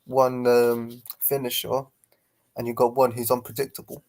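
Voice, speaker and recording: Guy on a chat panel, kinda flat voice, keen and teasing. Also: medium pitch, moderate pace.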